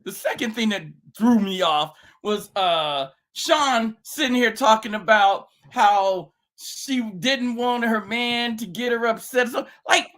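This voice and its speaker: A man's voice: high-pitched, slow pace, hardly any pauses, a bit bright. A man joining a podcast by remote link as a guest, teasing the hosts with provocative takes. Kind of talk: casual chat. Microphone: remote call link.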